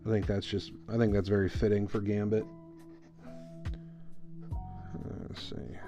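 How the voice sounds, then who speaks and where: A man streaming a live drawing session, talking through his work in a relaxed, rambling way with lots of fillers. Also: fairly low pitch, slow, over music. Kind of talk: casual commentary while drawing.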